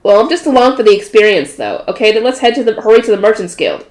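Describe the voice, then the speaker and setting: A woman voicing a relaxed middle-aged male guildmaster in a read-aloud light novel, in a plain, easygoing way. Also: medium pitch, fast, close to an everyday voice. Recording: roomy echo.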